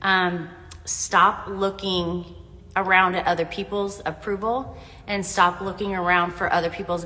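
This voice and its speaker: A woman's voice: medium pitch, bright, forceful tone, a little hiss or hum. A middle-aged woman vlogger giving earnest, faith-based encouragement in a rambling, casual way with fillers. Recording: echoey room with long reverb.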